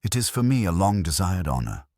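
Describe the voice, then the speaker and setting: A man voicing a fastidious, polite foreign male detective with a smooth accent and a formal, courteous manner. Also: low voice, big pitch swings, a little mellow, no echo, clean studio sound. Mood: grave.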